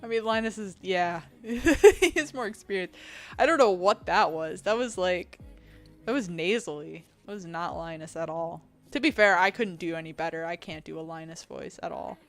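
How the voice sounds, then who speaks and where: A woman game streamer with a fairly deep voice, chatting casually with her live audience. She reads out chat messages, answers them and laughs often. Faint music plays behind her. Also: moderate pace. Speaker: game streamer and video editor.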